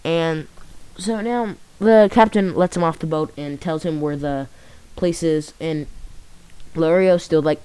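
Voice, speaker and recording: A man's voice: on the high side, darkish tone, clean tone, low-quality recording. Rambling young guy retelling a fan story. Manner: rambling, halting, full of "like" and restarts. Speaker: channel host.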